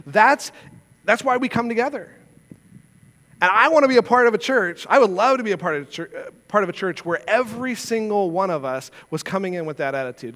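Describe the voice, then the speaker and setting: A man's voice: sits high, very animated, moderate pace, fairly bright tone, big-room sound. A man preaching a sermon as pastor, earnest and conversational, asking his listeners rhetorical questions. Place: church sanctuary.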